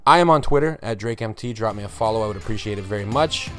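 A man's voice: lowish voice, lively intonation, quick pace, fairly bright tone, no echo, studio quality, faint music behind. A man hosting a solo hockey podcast, talking candidly and wryly with lots of fillers and restarts. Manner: candid, wry, self-deprecating, with frequent fillers. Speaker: podcast host. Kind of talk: solo sports podcast commentary.

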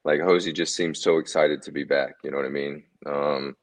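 A man, a former ballplayer, telling relaxed anecdotes as a guest in a casual interview, often chuckling. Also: a bass voice, brisk. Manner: laid-back, chuckling anecdotes.

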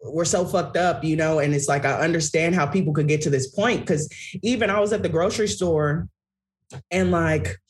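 A woman's voice: low voice, normal speed. A woman guest talking bluntly on a podcast over a video call, swearing freely as she speaks. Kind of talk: casual chat.

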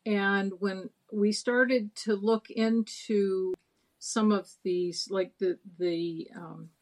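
A woman's voice: medium pitch, fairly even intonation, extremely slow. A middle-aged woman, a docent and interview guest, telling stories in a chatty, meandering way with many fillers. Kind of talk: casual interview storytelling.

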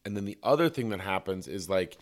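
Man, podcast host, solo casual talk, lowish voice, candid, reflective, swears a lot. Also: lively intonation, brisk.

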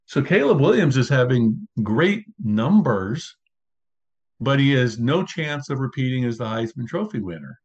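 A man's voice: medium pitch, big pitch swings, a little slow, darkish tone. A man hosting a casual sports talk show, laying out his case one point after another. His voice sits in a middle register. The recording is dull and lo-fi. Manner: conversational, builds arguments point by point. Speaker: podcast host. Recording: dull lo-fi sound.

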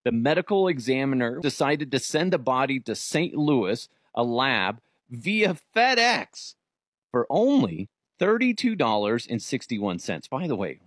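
Male comedy host, lively swooping delivery, crude humor, dry close sound. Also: mid-range voice, no echo. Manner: animated and profane, jumps into silly voices. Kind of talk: comedic news commentary.

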